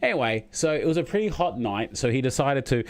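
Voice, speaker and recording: A man's voice: mid-range voice, lively intonation, fast talker. An Australian man in his thirties hosts a casual live stream from a spare room at home. He rambles from one topic to the next and laughs easily, into a desk microphone. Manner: rambling, chatty, laughs often. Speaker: streamer host.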